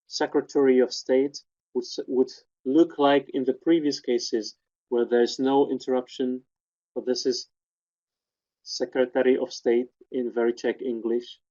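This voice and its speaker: A man gives a step-by-step technical lecture at a webinar, pointing out each detail in turn. His voice is dark and mellow at a middle pitch. The webinar audio sounds dull and lo-fi. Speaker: webinar presenter. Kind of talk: technical lecture walking through spectrograms.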